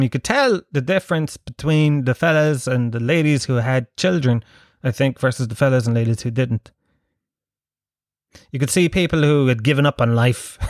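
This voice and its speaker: A man's voice: medium pitch, dry recording, studio quality. A man in his thirties with a Dublin Irish accent, hosting a casual solo podcast from his sitting room in a rambling, sweary, self-mocking way. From Ireland. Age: 30s. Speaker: podcast host.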